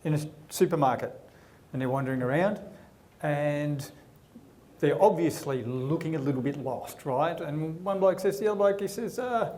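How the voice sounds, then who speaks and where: High-voiced male comedian telling jokes. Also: expressive, moderate pace, a little mellow. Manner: chatty storyteller who acts out the characters. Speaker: guest comedian. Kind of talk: joke telling.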